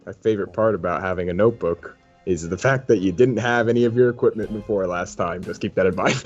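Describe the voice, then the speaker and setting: A man's voice: on the low side, sing-song, moderate pace, breathy edge, muffled recording, faint music behind. A man narrating as game master, improvising loosely and laughing often between lines.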